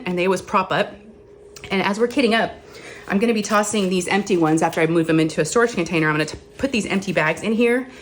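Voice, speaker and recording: A woman's voice: fairly low pitch, a little hiss or hum. A woman chatting casually as host of a crafting vlog, rambling and self-deprecating.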